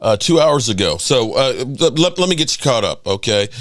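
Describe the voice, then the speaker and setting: Excitable man hosting a sports stream. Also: medium pitch, normal speed. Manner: excitable, repeats and restarts words. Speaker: sports channel host. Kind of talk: casual live stream commentary.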